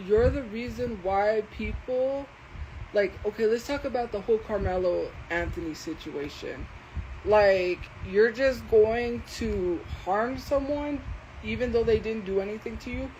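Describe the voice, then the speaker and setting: A woman's voice: a little high, takes it slowly, a little mellow, a little hiss or hum, low-quality recording. A woman hosting a livestream, talking back to her chat in a defensive, exasperated rant. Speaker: livestream host. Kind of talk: casual livestream ranting.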